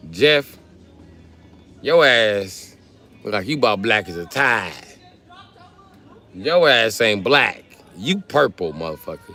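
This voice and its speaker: Loud joking man on a livestream. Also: fairly low pitch, big pitch swings, slow, pauses often, soft background music. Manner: loud, joking banter with crude slang. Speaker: livestreamer reading chat. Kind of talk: casual live stream chat. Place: South Carolina.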